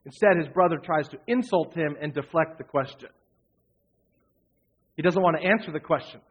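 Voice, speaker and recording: Man, preacher, earnest sermon, somewhat high-pitched, repeats himself for emphasis. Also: normal speed, slightly rough, muffled recording. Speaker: pastor.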